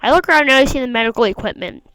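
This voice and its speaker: A woman's voice: high-pitched, lively intonation, rapid-fire, a bit bright, slight background noise, rough recording. A woman reading a visual novel aloud, mostly plain narration with the odd wry aside. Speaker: gamer.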